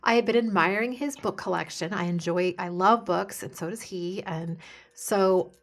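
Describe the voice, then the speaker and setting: A woman co-hosting a podcast, chatting in a soft-spoken, good-humored way. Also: fairly low pitch, normal speed. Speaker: podcast co-host. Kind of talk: casual chat.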